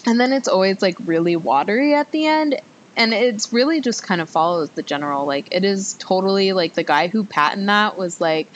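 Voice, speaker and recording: A young woman hosts a podcast, telling a rambling, chatty story full of fillers and self-mocking asides. Her intonation is lively and her pace fairly quick. The lo-fi recording carries faint background noise with a low rumble.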